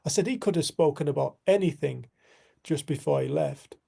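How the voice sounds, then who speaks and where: A man's voice: a little high, creaky, breathy edge. A man giving an earnest, reflective spiritual talk to a community group, telling a personal story. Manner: earnest, storytelling, soft and slow at times.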